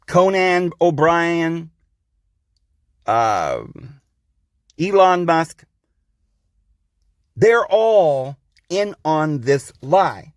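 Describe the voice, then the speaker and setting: A man with a high voice hosts a podcast in a rambling, insistent monologue. He keeps addressing the listeners as guys and friends. The recording is close and dry, with no room sound. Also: dry recording. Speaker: podcast host. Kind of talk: preachy monologue.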